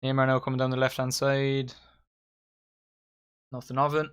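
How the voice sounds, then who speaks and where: A young man giving excitable, sweary live commentary while hosting a football watchalong. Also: medium pitch, moderate pace, clean tone. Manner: excitable, swearing, addresses viewers as lads. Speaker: watchalong host.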